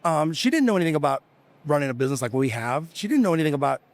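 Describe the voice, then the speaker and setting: A man's voice: a little high, big pitch swings, racing. A middle-aged American man, a business founder, casually telling rambling stories with quoted dialogue in a podcast interview. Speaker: guest, tool company founder.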